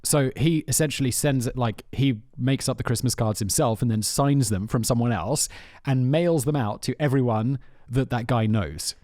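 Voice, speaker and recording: A man's voice: mid-range voice, moderate pace, hardly any pauses, no echo, studio quality. A man hosting a podcast, casually telling prank stories and often trailing off mid-thought. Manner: animated storyteller who trails off mid-thought. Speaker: podcast host. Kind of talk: casual chat.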